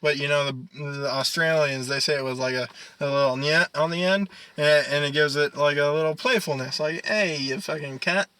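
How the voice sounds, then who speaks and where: A man's voice: fairly high pitch, fairly even intonation, a little fast, pushed and bright, clear, resonant tone, poor audio. A young man co-hosting a casual podcast, rambling and swearing, laughing often. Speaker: podcast co-host. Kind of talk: casual chat.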